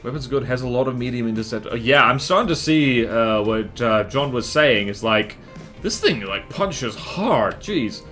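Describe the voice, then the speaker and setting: A man's voice: medium pitch, expressive, moderate pace, sharp tone, soft background music. A man streaming a strategy game live, chatting with his viewers and reacting to the battles on screen as he rambles through his opinions.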